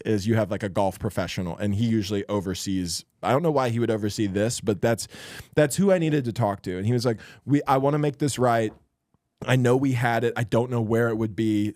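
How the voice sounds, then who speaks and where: A man's voice: mid-range voice, darkish tone, dry recording, studio quality. A young man, a stand-up comedian and podcast co-host, telling a long story in casual chat and acting out the other people in it.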